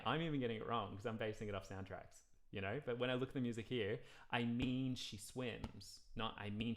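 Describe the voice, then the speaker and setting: Low-voiced man teaching music theory. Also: a bit bright. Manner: explains by counting and scat-singing rhythms; sings example lines slowly. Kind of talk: live-streamed music lesson.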